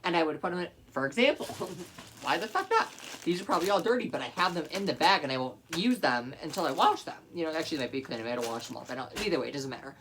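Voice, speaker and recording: A man's voice: on the high side, lively intonation, quick pace, fairly bright tone, a little hiss or hum. A man vlogger giving blunt, matter-of-fact opinions to camera, with some profanity.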